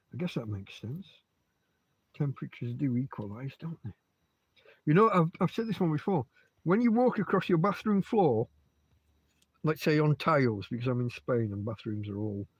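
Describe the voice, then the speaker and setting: A man's voice: a little high, husky, highs cut off. A man hosting a casual livestream from his bed at home, rambling and swearing freely as he chats. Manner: heavy swearing, rambling asides. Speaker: livestream host.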